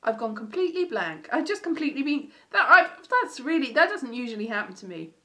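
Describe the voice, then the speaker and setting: A woman's voice: sits high, sing-song, a little fast, bright, forceful tone. A young British woman chatting casually on an unscheduled live stream, rambling and self-mocking, often trailing off and restarting. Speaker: vlogger.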